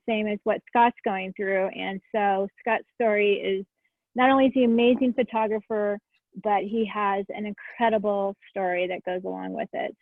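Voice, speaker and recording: A woman introduces the evening's guest in an earnest, halting way over a video call. Her sound is thin and phone-like. It is also very dry, with no room around it. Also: medium pitch, creaky, dry recording. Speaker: club host introducing the speaker. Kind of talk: warm introduction. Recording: tinny, dry phone-like audio.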